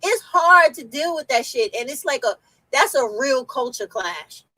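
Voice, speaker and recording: A woman's voice: sits high, expressive, a little slow, pushed and bright, no echo, rough recording. A woman with a New York accent hosting a casual chat, blunt and outspoken, swearing freely. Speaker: host.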